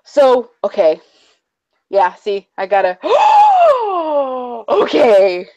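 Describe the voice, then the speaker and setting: A young woman with a very high voice co-hosts a casual livestream, overwhelmed with delight. She laughs, gushes and sounds choked up near tears, and her words come slowly. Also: animated, muffled recording. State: teary, choked up. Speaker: co-host.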